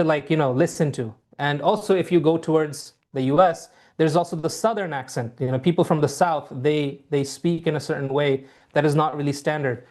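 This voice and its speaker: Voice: mid-range voice, darkish tone. An IELTS teacher giving an online lesson, explaining things in a repetitive, reassuring way with many fillers.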